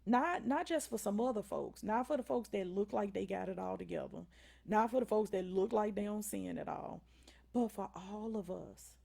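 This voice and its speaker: At a moderate pace, a woman with a warm, creaky, mid-range voice and a Southern drawl hosts a faith-centered motivational stream. She sounds preachy and leans heavily on "right?" and "y'all" when addressing viewers.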